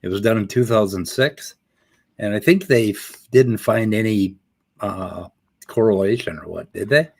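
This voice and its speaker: A man's voice: lowish voice, normal speed, creaky, dry recording. A man hosting a livestream, talking bluntly and swearing freely. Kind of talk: casual chat.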